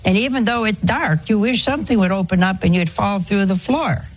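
A woman's voice: medium pitch, a little fast. An older woman giving a conversational religious talk to an audience, asking rhetorical questions in a homely preaching manner. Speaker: religious speaker.

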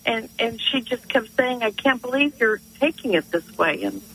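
A woman's voice: on the high side, expressive, moderate pace, pushed and bright, husky. A woman from northeastern Pennsylvania calling into a radio show, telling a story earnestly and with animation. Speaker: caller. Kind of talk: phone-in storytelling. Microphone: telephone. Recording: tinny phone line.

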